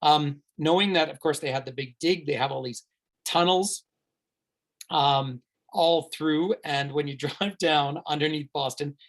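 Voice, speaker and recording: A tour guide hosting a virtual tour answers viewer questions live, rambling chattily with many fillers and restarts. He's enthusiastic and recommends things warmly. His voice is fairly high pitched and a little slow.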